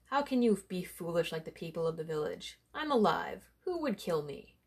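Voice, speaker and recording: A woman's voice: fairly low pitch, big pitch swings, normal speed, breathy edge, exaggerated voice. A woman voicing a bewildered, indignant village man who protests and pleads.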